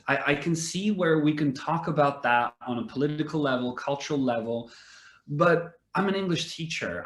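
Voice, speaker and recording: A male English teacher joins a podcast chat as a guest and talks carefully, restarting phrases as he works through his thoughts. His voice sits a little higher than average. The sound is roomy, with a clear echo around him. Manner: thoughtful, measured, repeats words while thinking. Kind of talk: casual podcast discussion.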